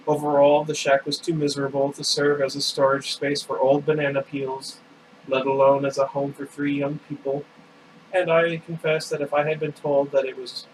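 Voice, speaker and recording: A man casually reading a novel aloud, adding asides and correcting his own slips. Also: mid-range voice. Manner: reads with asides and self-corrections. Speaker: reader of a novel. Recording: distant mic with air conditioner hum.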